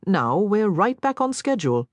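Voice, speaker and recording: A woman's voice: medium pitch, sing-song, moderate pace, no echo, voice pushed up, close to an everyday voice. A woman voicing a cheerful, affectionate mother in her late forties who coaxes and soothes. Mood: soothing. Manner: coaxing, affectionate. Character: warm, cheerful middle-aged mother, soothing.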